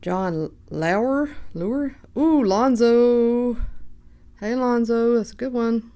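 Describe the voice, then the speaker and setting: A woman hosting a card break, calmly reading out player names and getting excited at good pulls. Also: a little high. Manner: unhurried, reads names aloud, bursts of excitement. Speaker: card shop host opening packs. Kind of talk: casual card-breaking commentary.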